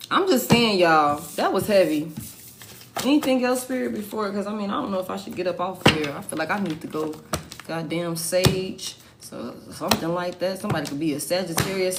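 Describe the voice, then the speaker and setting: A woman talks viewers through a tarot reading in a casual, blunt way. She swears freely and hammers her points home by repeating them. A faint background hiss runs under her voice. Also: fairly low pitch. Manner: blunt, profane, emphatic repetition. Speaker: tarot reader.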